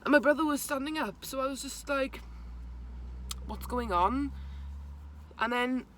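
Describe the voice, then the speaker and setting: A woman's voice: high-pitched, fairly even intonation, fairly bright tone, a little hiss or hum. Young woman telling a painful story. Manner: halting, emotional retelling with restarts. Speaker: vlogger. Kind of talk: personal storytelling to camera.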